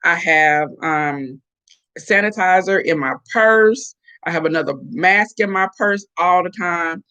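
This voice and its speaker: A middle-aged woman hosting a casual live chat, animated and chatty as she reacts to viewer comments. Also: lowish voice, unhurried, clear, resonant tone. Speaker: host.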